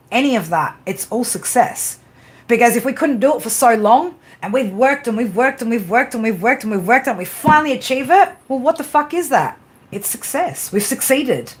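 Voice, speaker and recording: Blunt, swearing woman streamer, rather high voice. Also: a bit bright. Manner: blunt, swears constantly, frequent tag questions. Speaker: tarot reader and livestream host. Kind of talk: casual livestream pep talk.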